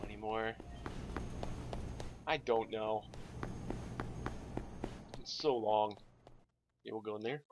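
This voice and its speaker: Profane, excitable young man gaming. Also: fairly low pitch, slow pace, pauses often, lo-fi sound, background noise. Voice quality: profane, excitable, shouts at enemies. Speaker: let's play gamer. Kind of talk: casual gameplay commentary.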